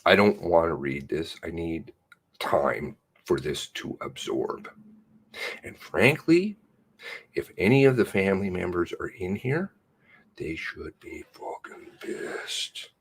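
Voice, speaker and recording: Angry male host, very low voice, wildly swinging pitch, swearing rant. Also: expressive, unhurried, slightly rough. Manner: furious ranting, swearing, swinging from shouts to hushed mutters. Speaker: channel host. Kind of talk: angry commentary reading a news release.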